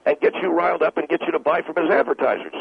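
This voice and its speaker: A man's voice: a little high, expressive, very fast, creaky, husky, dry recording. A man on a talk radio show, mocking and interrupting callers in combative banter. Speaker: in-studio guest. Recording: phone-like narrow band.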